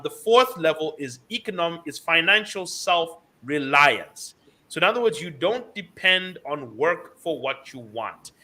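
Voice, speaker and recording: A man's voice: a little high, bright, forceful tone. A man giving financial advice on a talk show, lecturing emphatically and repeating key words for stress. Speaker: financial commentator.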